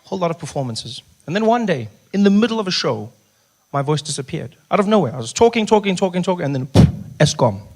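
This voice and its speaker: A South African man doing stand-up comedy, telling an animated story that swings between loud bits and hushed talk. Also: high voice, fast talker, a little hiss or hum. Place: comedy club stage.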